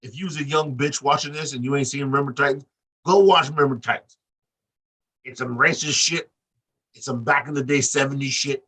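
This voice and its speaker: A man co-hosting a wrestling podcast, talking in loose, profane banter with big animated swings in his voice. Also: slightly rough. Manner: animated, profane, acts out quotes with big pitch jumps. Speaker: podcast co-host. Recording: distant mic.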